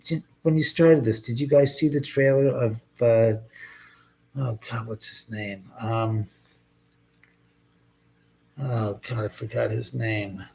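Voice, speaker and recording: With vocal fry and a medium, slightly mellow voice, a man hosts a casual livestream from home. He rambles sarcastically, swears freely, and answers viewer comments as they arrive.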